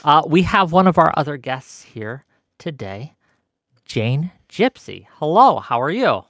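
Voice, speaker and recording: A man's voice: a little high, very animated, measured pace, fairly bright tone, dry recording, clean studio sound. A man hosting a casual online panel discussion, joking as he brings in guests one at a time. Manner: playful, joking moderator. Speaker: host.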